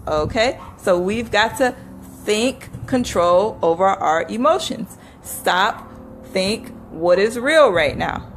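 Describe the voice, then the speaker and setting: A woman's voice: mid-range voice, animated, slow, soft background music, rough recording. A woman giving a live motivational talk to her viewers, repeating affirmations earnestly and laughing often. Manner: speaks to viewers by name. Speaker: motivational speaker.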